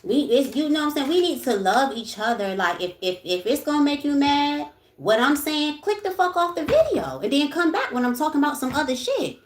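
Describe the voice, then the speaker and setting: Animated, profane woman livestreamer. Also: high-pitched, a little fast, few pauses, echoey room. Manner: blunt, profane, swings from ranting to soothing. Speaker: livestream host. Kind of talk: casual livestream chat.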